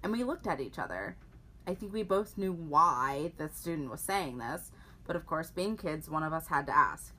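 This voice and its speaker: A woman from rural Pennsylvania co-hosting a podcast, telling a personal story in a wry, animated way. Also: deep voice, moderate pace. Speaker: podcast co-host. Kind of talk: storytelling in casual podcast chat.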